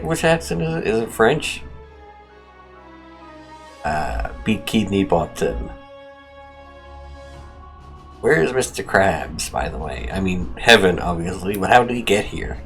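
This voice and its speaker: A man narrates a text-adventure game with a comedic edge, breaking into wry, joking asides and laughs. His voice sits a little low, and quiet music plays behind him. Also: expressive, measured pace. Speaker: gaming video host.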